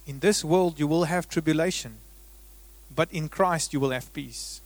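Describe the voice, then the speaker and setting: A man with a high voice preaches a sermon, rising to loud emphasis and then dropping to a near hush. His sound is dry and close, with no room around it. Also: moderate pace, no echo. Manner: dramatic swings between loud emphasis and hushed delivery. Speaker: pastor.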